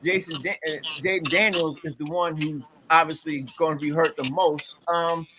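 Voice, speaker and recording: A man's voice: on the high side, fairly even intonation, moderate pace, pushed and bright, slight background noise. A man hosting a casual sports talk show, easygoing and slangy, putting questions to his co-hosts. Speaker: podcast host.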